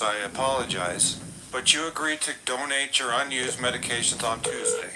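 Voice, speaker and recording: A man making a prank phone call in a deadpan, mock-official telemarketer tone. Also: medium pitch, moderate pace, over a noisy crowd. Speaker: prank caller.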